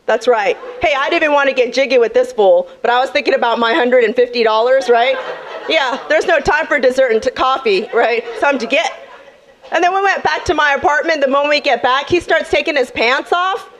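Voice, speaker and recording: Brash high-voiced woman doing stand-up. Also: fairly bright tone. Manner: brash, sassy, talks straight to the crowd. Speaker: stand-up comedian. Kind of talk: stand-up comedy set. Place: comedy club stage.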